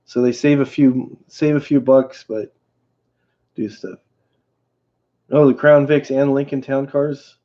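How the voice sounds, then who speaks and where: A man hosting a livestream, chatting loosely and telling a story in a halting, rambling way. His voice is dark and mellow. The audio is a bit dull and lo-fi. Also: mid-range voice, flat delivery. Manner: rambling, halting, many restarts. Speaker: livestream host.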